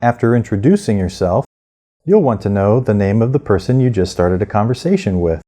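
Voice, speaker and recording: A man narrates a scripted language lesson in a low, mellow voice that moves a lot in pitch. He explains each phrase clearly and pronounces it with care. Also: lively intonation. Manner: clear, measured instruction with careful pronunciation. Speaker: language teacher.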